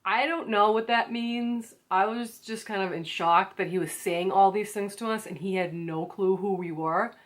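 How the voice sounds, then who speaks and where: This vlogger, a young American woman, chats through a story for her viewers at a moderate pace with few pauses and a medium-pitched voice. "Like" comes up again and again, and she acts the quotes out.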